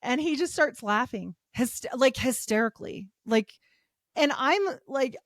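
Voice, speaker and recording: A woman in her forties telling a personal story as a podcast guest, animated, laughing often and filling her talk with "like". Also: high voice, measured pace, no room sound, studio quality. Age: 40s. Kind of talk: casual storytelling.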